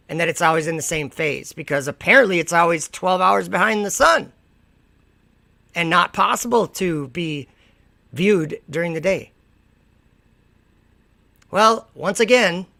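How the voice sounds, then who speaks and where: A man talks slowly through a casual livestream, mocking the comments he reads and lecturing their writers. His voice has a gravelly, creaky texture and a bright, forceful edge. The sound is dry and close. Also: sits high, no echo. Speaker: livestream host.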